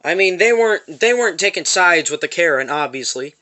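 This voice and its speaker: A man's voice: on the high side, animated, a little fast, bright, forceful tone. A man telling an angry, profane story about a confrontation in a parking lot, repeating himself as he goes. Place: parked van.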